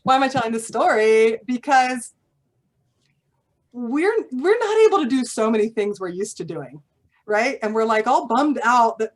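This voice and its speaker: A woman giving an inspirational talk as a spiritual teacher, conversational and animated, often laughing. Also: on the high side, normal speed.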